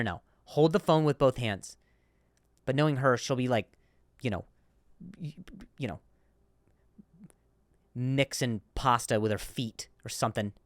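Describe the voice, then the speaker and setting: A man with a noticeable stutter rattles through a comedic monologue, snagging and repeating words as he goes. His voice is smooth and clear, at an ordinary middle pitch. It sounds dry and close, with no room around it. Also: dry recording. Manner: stammers and repeats words, animated rants. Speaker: comedy podcast host.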